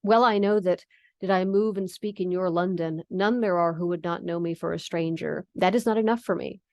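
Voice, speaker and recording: A woman's voice: on the low side, normal speed, darkish tone, no echo, studio quality, lightly acted. A woman reading the lines of a formal, aristocratic old male vampire count in a stately, archaic manner. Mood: grave. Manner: stately, archaic read-aloud phrasing.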